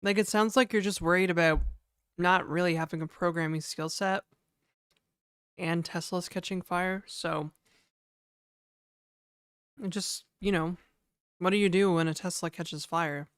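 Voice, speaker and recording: A woman's voice: on the low side, fairly even intonation, measured pace, pauses often, smooth, no room sound, clean studio sound. A young woman live-coding on a stream, chatting casually and wryly with viewers and answering their comments. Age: young adult. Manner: offhand and wry, talking straight to viewers.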